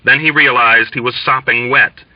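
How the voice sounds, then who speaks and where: A man reading a novel aloud in a measured, plain narrating voice. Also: medium pitch, steady tone, no echo. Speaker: audiobook reader. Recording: dull lo-fi, dry.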